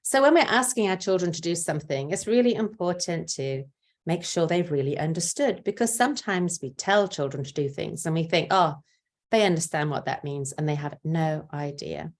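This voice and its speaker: An older woman giving a talk on parenting, explaining gently and patiently and acting out short examples of what to say to a child. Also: deep voice, expressive, moderate pace. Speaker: parenting speaker.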